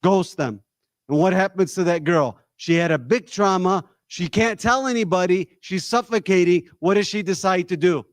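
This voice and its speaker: Exhorting man, higher voice, dry sound. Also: moderate pace, dry recording. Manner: direct, exhorting, rhetorical questions. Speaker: discussion leader. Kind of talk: community talk to a live audience.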